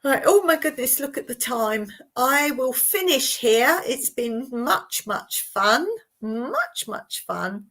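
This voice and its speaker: A woman's voice: on the high side, expressive, slow pace, sharp tone. A woman from Surrey with a southern English accent, chatting casually to viewers as host of a live stream, often repeating words and laughing. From Surrey, England. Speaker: livestream host.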